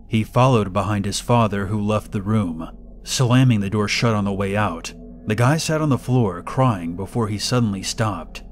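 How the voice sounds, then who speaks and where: A man with a low voice reads a horror story at a measured, deliberate pace. Faint music plays under his narration.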